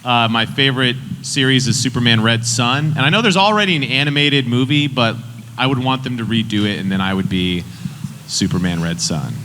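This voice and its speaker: A man's voice: mid-range voice, brisk. A man voice actor answering fan questions on a panel with a dry joking manner. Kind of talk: casual panel chat. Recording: reverberant hall, noisy.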